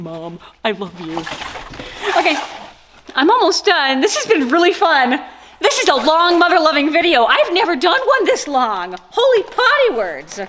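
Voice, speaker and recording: Woman opening gifts on her vlog, excited, jokey, kinda high voice. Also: a little hiss or hum. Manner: gushing and playful, jokes and exclamations. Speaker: vlogger. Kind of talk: casual unboxing vlog.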